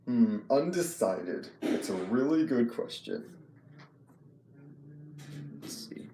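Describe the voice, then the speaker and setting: A man chatting casually on a live stream. He talks haltingly, with frequent ums and restarts, and answers chat messages as he goes. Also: medium pitch, lively intonation, reverberant, noisy background.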